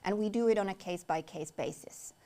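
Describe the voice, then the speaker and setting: A woman from Finland, a native Finnish speaker, presenting a safety investigation at a formal briefing, measured and pausing on fillers. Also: medium pitch, warm tone. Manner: measured, with frequent filler pauses. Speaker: head of communications presenting an investigation.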